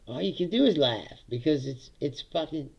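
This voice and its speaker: Gravelly, sardonic man ranting on a livestream. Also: on the high side, expressive, normal speed, highs cut off. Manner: sardonic, laughs often, profane. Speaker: livestream host. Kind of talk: casual solo livestream rant. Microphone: streaming setup mic.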